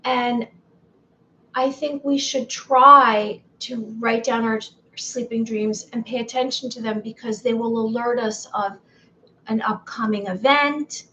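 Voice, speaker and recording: A woman's voice: fairly high pitch, fairly even intonation, slow, bright, forceful tone, slight background noise, poor audio. A woman talking casually in a spiritual vlog, meandering, correcting herself, and asking her viewers questions. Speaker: spiritual vlogger.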